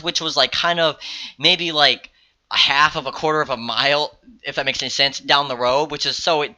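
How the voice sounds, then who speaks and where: A man's voice: a little high, pushed and bright. A young man telling a story in a casual vlog, rambling, swearing freely and correcting himself as he goes. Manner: rambling, profane, self-correcting. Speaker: vlogger.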